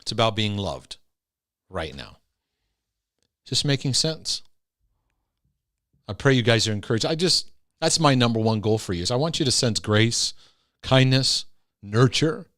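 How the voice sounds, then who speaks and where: A middle-aged man speaks in an easy, conversational teaching style at an average pitch. He talks directly to his listeners, slips into quick acted-out voices, and tags his points with questions to keep them with him. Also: very animated, a bit bright. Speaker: Christian teacher on anxiety and OCD. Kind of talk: casual teaching talk.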